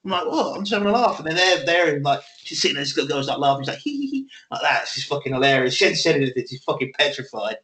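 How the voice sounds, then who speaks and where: A man's voice: fairly high pitch, rapid-fire, few pauses, bright, forceful tone, roomy sound, slight background noise, poor audio. A man, co-hosting a casual podcast chat and telling rowdy stories between laughs, with plenty of swearing. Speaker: podcast co-host.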